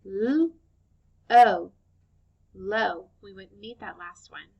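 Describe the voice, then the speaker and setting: A woman with a somewhat high, gravelly voice teaches young children to hear the sounds in words. She speaks very slowly, stretching out each sound and encouraging her listeners. The recording is dull and lo-fi. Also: expressive, a bit bright. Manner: slow, clear sound-by-sound modeling, encouraging. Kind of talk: phonics lesson for young children.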